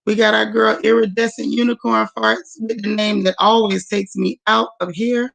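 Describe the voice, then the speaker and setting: At normal speed, this livestream host speaks with a fairly high pitch, a flat delivery, and vocal fry. She's warm and chatty in her casual stream, greeting viewers by name and addressing them as sis and y'all.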